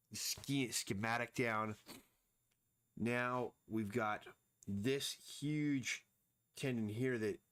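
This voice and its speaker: Brief: low-pitched man, drawing on a live stream, slow and musing, talks to himself as he works. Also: a bit bright. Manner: slow, thinking aloud, mumbling to himself. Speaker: comic artist streaming his drawing. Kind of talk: casual live-stream narration while drawing.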